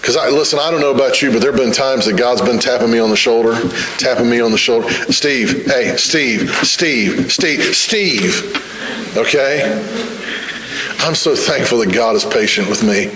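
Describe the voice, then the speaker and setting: A man's voice: mid-range voice, a little fast, fairly bright tone, a little hiss or hum. A man preaching a sermon with fervor, driving points home by repeating his phrases. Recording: echoey room.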